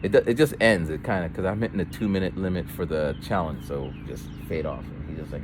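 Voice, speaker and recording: Low-voiced man rambling on a walk. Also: fast, hardly any pauses, noisy background. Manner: rambling, with false starts and voiced quotes of others. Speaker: vlogger. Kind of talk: casual storytelling while walking. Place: outdoors on a street.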